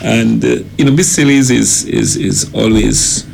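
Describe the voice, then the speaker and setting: A man co-hosting a morning radio talk show, speaking in a measured way and stressing discipline and focus. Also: mid-range voice, creaky, a little mellow, a little hiss or hum. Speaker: radio co-host.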